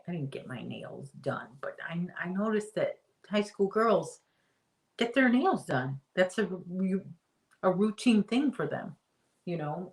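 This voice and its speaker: Low-pitched middle-aged lady chatting away on a home livestream, reading comments as she goes. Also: fairly bright tone. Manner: chatty, rambling, reads out viewer comments. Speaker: host. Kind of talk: casual live-stream chat.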